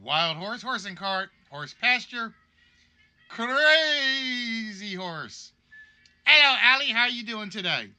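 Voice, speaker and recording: A man's voice: sits high, lively intonation, normal speed, hardly any pauses, pushed and bright, faint music behind. A man hosting a live-streamed game show, chatty and joking as he reads out players' guesses.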